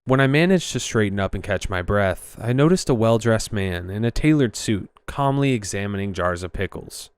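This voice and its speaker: A man's voice: fairly low pitch, lively intonation, moderate pace, hardly any pauses, smooth, no echo. A man narrating a first-person horror story in a tense, suspenseful reading, voicing the dialogue himself.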